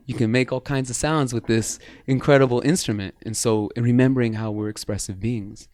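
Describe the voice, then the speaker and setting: A man's voice: mid-range voice, fairly even intonation, fairly quick, noisy background. A man talking as a podcast guest about bodywork and breath, earnest and flowing, sometimes guiding the listener through breathing. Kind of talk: casual interview chat.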